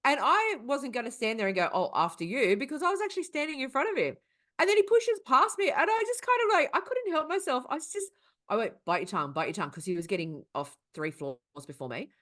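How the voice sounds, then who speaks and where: An Australian woman telling stories on a podcast, with a lively voice that swings widely in pitch. She swears freely and laughs often. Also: fast. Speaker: podcast co-host. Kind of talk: casual chat, storytelling.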